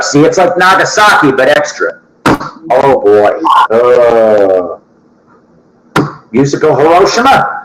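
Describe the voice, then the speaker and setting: A man hosting his own show, rambling through crude comedic jokes, often laughing and shouting. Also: mid-range voice, lively intonation, takes it slowly. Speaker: show host. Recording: echoey room with loud noise.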